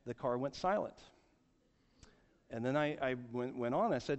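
A man's voice: medium pitch, animated, normal speed, pauses often. A man in his forties preaching a sermon, telling a story earnestly and often repeating words. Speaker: pastor. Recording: echoey hall, dull sound.

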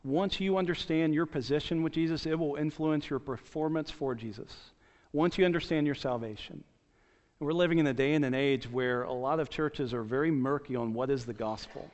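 A man's voice: fairly high pitch, fairly quick, a little mellow. A man preaching a sermon as pastor, earnest, repeating his key points and restarting phrases. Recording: dull sound with long church reverb.

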